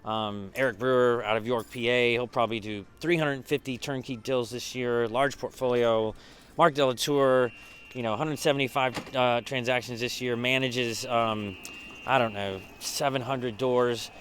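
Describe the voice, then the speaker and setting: A man's voice: mid-range voice, fairly even intonation, moderate pace, a bit bright, clean tone. Casual man recapping a business event. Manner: casual, conversational, many fillers and restarts. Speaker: mastermind group leader. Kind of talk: behind-the-scenes recap.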